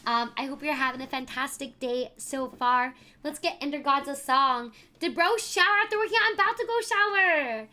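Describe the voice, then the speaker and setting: Bubbly high-voiced woman streamer. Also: moderate pace, hardly any pauses, bright, forceful tone. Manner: bubbly, effusive, thanks chat by name. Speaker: variety streamer. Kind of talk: casual live-stream chat.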